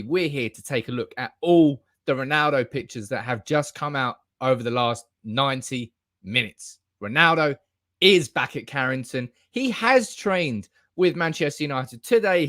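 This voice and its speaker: A young man hosting a fan channel live stream, excitable and hyped-up, reacting with bursts of enthusiasm. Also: a little high, no echo, clean studio sound. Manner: excitable, hyped-up, calls viewers baby.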